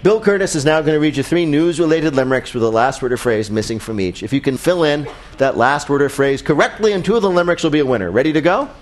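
A man's voice: on the high side, animated, fast, few pauses. A man hosting a radio quiz show, with a wry, joking delivery.

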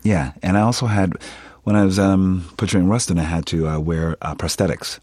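With a voice that sits low and a normal speed, a man in his fifties from Philadelphia speaks in a recording with no echo. He's an actor discussing his work in a conversational interview. Animated and expressive, he laughs as he tells his stories.

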